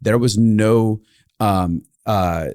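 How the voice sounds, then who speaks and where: A man's voice: lowish voice, very slow, dark tone, clear, resonant tone, dry recording, studio quality. A man co-hosting a podcast, telling a story casually and acting out the voices of the people in it. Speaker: podcast co-host.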